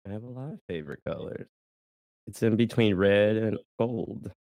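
Young male co-host, very deep voice, laid-back jokey banter, dry mic. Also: lively intonation, normal speed, gravelly, darkish tone, no room sound. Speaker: podcast co-host. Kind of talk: casual chat.

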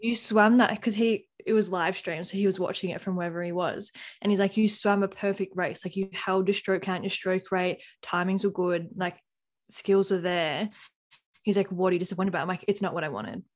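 A woman's voice: lowish voice, steady tone, fairly quick. A woman hosting a podcast, chatting casually and laughing along. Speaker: podcast host. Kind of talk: casual interview chat.

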